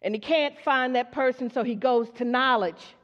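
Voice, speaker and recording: A woman with a slightly high voice and moderate pace preaches to her congregation in a church hall, asking them questions call-and-response style and acting out her story's characters in quoted voices. The recording is dull, lo-fi, and full of long hall reverb.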